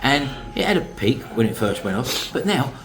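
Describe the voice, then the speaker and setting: A man's voice: medium pitch, very animated, moderate pace, fairly bright tone, soft background music. A middle-aged British man hosting a vlog, chatting casually and rambling to his viewers, whom he calls folks. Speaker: vlog host. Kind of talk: casual chat to camera.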